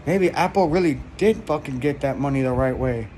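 A man voicing a hot-headed gangster boss who goes from yelling to mumbling sheepish apologies. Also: mid-range voice, fairly quick, slight background noise, lightly acted.

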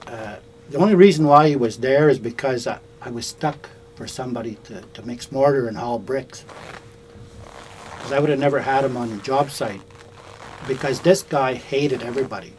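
A man's voice: mid-range voice, moderate pace, a little mellow, poor audio. Older canadian guy telling a story, casual and rambling, bit of hiss. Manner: conversational, folksy, with fillers and restarts. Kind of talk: oral storytelling to a small audience. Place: indoors in a bookstore.

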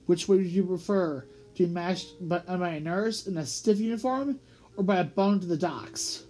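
A storybook reader voicing Tucker, a nervous, excitable little city mouse who talks in a squeaky, whimpering way. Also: moderate pace, soft background music, lightly acted. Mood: restless.

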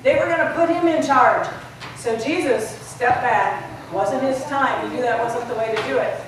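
A woman pastor delivering a sermon, retelling a story with lively questions to her listeners. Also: on the high side, normal speed, background noise. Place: large church sanctuary. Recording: roomy echo, voice from far off.

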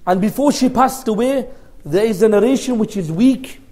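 Male preacher, high pitch, storytelling sermon, Arabic phrases, soft dips for emotion. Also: normal speed. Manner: storytelling with varying loudness, softening in tender moments; mixes Arabic honorifics into English.

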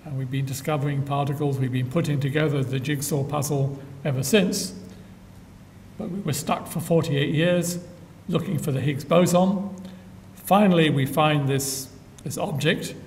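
An older man delivers a public science lecture in a somewhat high, gravelly voice, full of "uh"s and dry asides. He sounds far from the microphone, and his voice rings in a large hall over a faint low rumble. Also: fairly even intonation, moderate pace, a little mellow. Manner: dry humor, many filler "uh"s. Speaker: physicist giving a public lecture.

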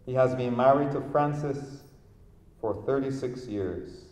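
A man introduces a guest speaker in a large hall with formal, measured words. He speaks very slowly, and his voice echoes around the roomy space. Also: medium pitch, darkish tone. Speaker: event host introducing the speaker. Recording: echoey hall with long reverb.

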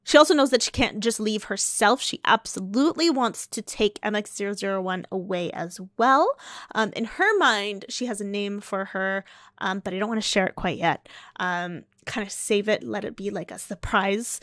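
A woman's voice: mid-range voice, moderate pace, fairly bright tone, dry recording, studio quality. A young woman casually narrating a life-sim game story, chatty and rambling with lots of fillers. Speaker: let's play narrator.

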